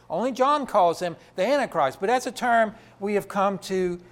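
Emphatic high-pitched male preacher. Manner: emphatic, asks rhetorical questions and answers them. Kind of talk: sermon.

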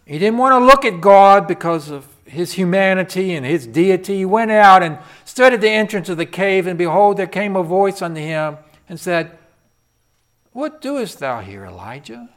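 A man preaching a sermon in an animated storytelling way, swinging from loud to soft. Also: high voice, normal speed, hardly any pauses.

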